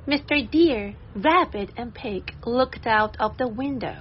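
A woman reading a children's story aloud and pronouncing vocabulary words with slow, careful enunciation. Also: on the high side, animated, muffled recording, slight background noise. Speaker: story narrator and vocabulary teacher.

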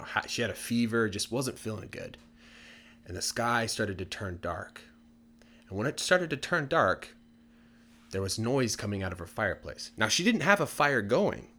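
A man casually telling a folk tale for English learners in a relaxed, chatty way with many fillers. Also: lowish voice. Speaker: storyteller.

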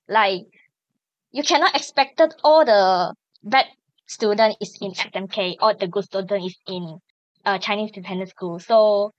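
A woman with a Malaysian English accent, a student talking in a casual podcast discussion, halting and tagging phrases with "lah". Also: medium pitch, dry recording, dull audio.

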